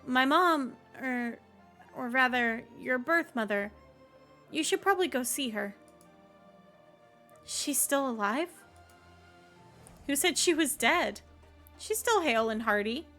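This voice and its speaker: Woman streamer reads a brash young fighter woman: blunt, teasing, a little high, soft music under. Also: animated, slow pace, pauses often, full character voice.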